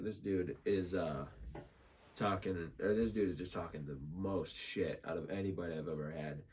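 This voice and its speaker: A man on a podcast as a guest, telling a story in a casual, animated way, laughing and swearing freely. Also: sits low, husky.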